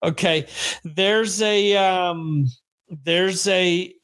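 A man's voice: sits high, fairly even intonation, extremely slow, fairly bright tone, smooth. A middle-aged man from the United States hosting a podcast, chatting casually in a rambling, joking way. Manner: rambling, self-deprecating, jokey. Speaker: podcast host. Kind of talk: casual chat on a live stream.

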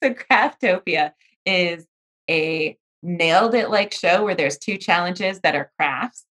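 A woman with a slightly low-pitched voice talks through a casual podcast chat. She tells stories in an animated, breezy way, tossing in playful asides. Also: slow. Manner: chatty, animated storyteller.

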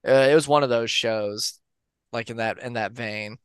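Man with a smooth, close, dry voice. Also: medium pitch, moderate pace, dry recording. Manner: relaxed, rambling with fillers and restarts. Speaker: podcast co-host. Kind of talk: casual storytelling of urban legends.

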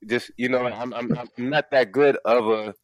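A man's voice: mid-range voice, steady tone, normal speed, dull audio. A man co-hosting a casual sports podcast from home, loose and profane, rambling with restarts. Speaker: podcast co-host.

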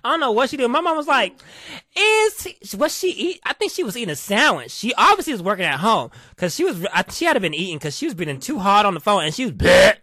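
A woman rants through a story in a casual, animated way, swearing freely and acting out what everyone said. Her voice sits at a middling pitch, and the recording is dry and close, with no room sound. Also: quick pace, few pauses, no echo. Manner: animated and profane, acting out quotes.

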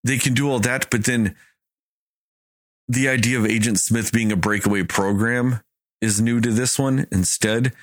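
A man's voice: mid-range voice, steady tone, moderate pace, no echo, studio quality. A man in casual chat, ranting in an exasperated way, swearing and acting out lines of dialogue. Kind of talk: casual movie review chat.

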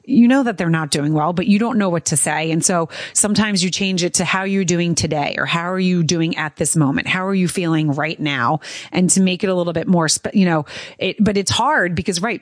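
A woman's voice: lowish voice, no echo, clean studio sound. A woman hosting an interview, speaking in a heartfelt, emphatic way. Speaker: host. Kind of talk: casual interview.

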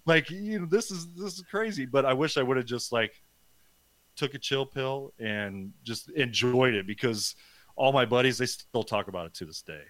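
A man from Nebraska spins a long story on a podcast, loose and meandering, full of "uh"s and "like"s and easy cussing. his voice sits at an ordinary middle pitch, recorded close and dry with no room sound. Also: normal speed, a bit bright, no room sound. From Nebraska, USA. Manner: rambling, filler-heavy, swears freely. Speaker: podcast guest. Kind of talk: casual storytelling.

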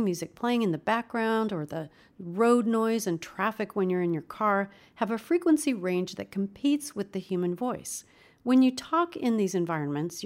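Upbeat woman coaching voice exercises. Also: medium pitch. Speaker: voice teacher. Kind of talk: instructional video lesson.

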